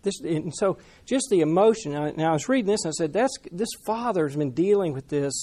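A man preaching a sermon in a conversational, animated way, talking with the congregation. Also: fairly high pitch, fairly quick. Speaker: pastor.

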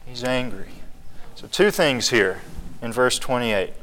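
A man's voice: medium pitch, lively intonation, a little slow, a bit bright. Man, Bible study teacher, conversational, quizzing the group, long echo of a hall. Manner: asks the group questions, conversational.

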